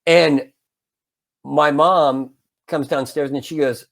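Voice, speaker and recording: A man in his fifties casually telling a long anecdote as a podcast co-host, animated and full of restarts. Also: medium pitch, brisk. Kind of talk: casual storytelling chat.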